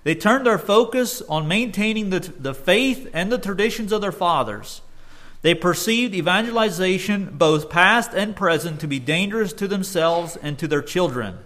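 A man's voice: high-pitched, lively intonation, normal speed, a bit bright. A man preaching a sermon earnestly, often restarting his phrases and rising in force when he quotes scripture.

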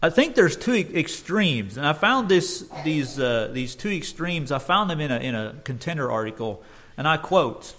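A man's voice: a little high, big pitch swings, moderate pace, a bit bright. A man preaching a sermon earnestly, often restarting his phrases and rising in force when he quotes scripture.

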